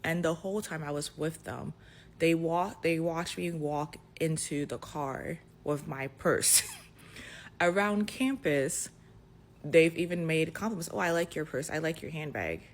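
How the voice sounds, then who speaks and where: A young adult woman casually telling a personal story, animated and dotted with "like" fillers. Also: low voice, measured pace. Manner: animated retelling, full of "like" fillers. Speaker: storyteller in a clip.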